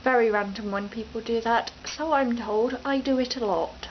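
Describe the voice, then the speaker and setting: Talking off the cuff to her camera at home, this young East Midlands vlogger is chatty and rambling, frequently stopping partway through a thought. Her pitch is slightly high and her pace moderate. The camera-mic recording sounds muffled and carries a little hiss or hum.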